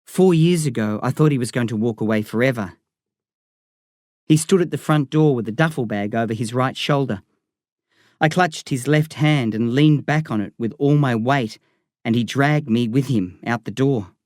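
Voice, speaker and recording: Aussie guy reading an audiobook, steady storytelling, mid pitch, dry close mic. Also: normal speed, no echo. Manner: steady first-person storytelling. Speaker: audiobook narrator.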